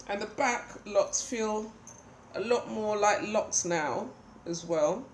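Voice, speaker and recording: A woman's voice: mid-range voice, slow, a little hiss or hum. A woman from the UK with a cold, chatting in a rambling way with many ums as she gives a casual video update at home. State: has a cold. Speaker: vlogger. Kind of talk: casual hair update vlog. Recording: roomy home recording.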